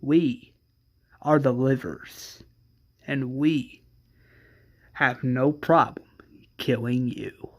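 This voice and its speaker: A man voicing a menacing male gang leader who taunts his captive and drops to a hushed threat. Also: mid-range voice, fairly even intonation, extremely slow, long pauses.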